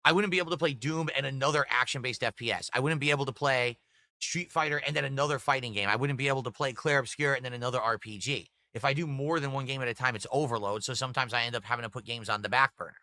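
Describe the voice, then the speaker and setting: A man's voice: medium pitch, fast, pushed and bright, no room sound, clean studio sound. A middle-aged man hosting a livestream, chatting casually and reading out his viewers' messages and tips. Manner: rambling, talks to chat and reads out tips. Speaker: livestream host.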